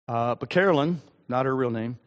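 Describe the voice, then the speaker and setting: A male pastor delivering a sermon with a personal story, earnest and halting, with frequent ums. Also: medium pitch. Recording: long hall reverb.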